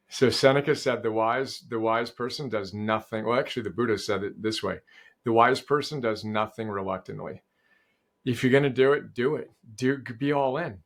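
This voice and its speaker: A middle-aged man as a podcast guest in casual conversation, animated and enthusiastic, often quoting sayings. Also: mid-range voice.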